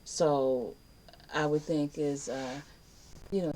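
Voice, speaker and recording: A woman's voice: low-pitched, fairly even intonation, slow, darkish tone, a little hiss or hum, low-quality recording. A woman teaching a casual online life skills class, chatty and emphatic, acting out little exchanges. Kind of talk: casual spoken lesson to camera.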